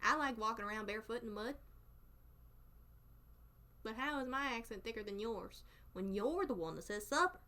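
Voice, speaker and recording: Southern gal chatting with her stream, kinda high bright voice, laughs a lot. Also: expressive, moderate pace, long pauses. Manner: chatty, laughs often, playful. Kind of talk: casual chat with live chat.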